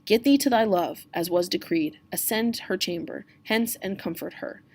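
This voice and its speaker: A woman's voice: medium pitch, moderate pace, a little mellow, close to an everyday voice. A woman reading aloud as a stern male friar who lectures a young man. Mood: urging. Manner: lecturing, reproachful.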